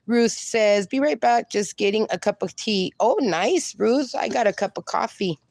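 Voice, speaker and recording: A woman's voice: medium pitch, normal speed, darkish tone, dry recording. A woman, hosting a casual live stream and reading viewers' comments aloud in a chatty, affectionate way. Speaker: livestream host.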